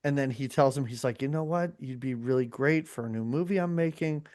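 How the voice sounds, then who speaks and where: Podcast host, casual chat, rambling, middle pitch, dry close mic. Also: fairly quick, darkish tone, no echo. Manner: chatty and rambling, with frequent fillers and restarts.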